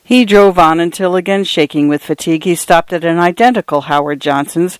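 Lady reading a short story for radio, steady and clear, dry close sound. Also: lowish voice, a little fast, dry recording. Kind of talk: scripted narration of short stories.

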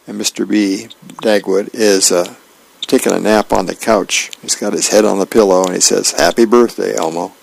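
A man volunteering as a radio reader, reading the newspaper and comics aloud in a gentle, plain way. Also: lowish voice, little pitch movement, moderate pace, vocal fry.

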